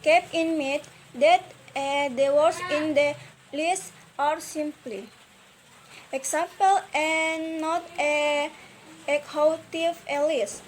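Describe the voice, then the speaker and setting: Young Indonesian-accented woman student, high voice, hesitant class talk. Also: fairly even intonation, slight background noise. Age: young adult. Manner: halting, frequent hesitations and restarts. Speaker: university student. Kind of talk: recorded class presentation.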